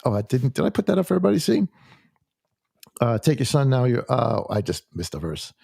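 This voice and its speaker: A man's voice: medium pitch, huge pitch swings, vocal fry, a little mellow, slightly rough, dry recording. Guy teaching a church bible study, lots of restarts, dry close sound. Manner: halting, full of restarts and fillers, reads scripture aloud.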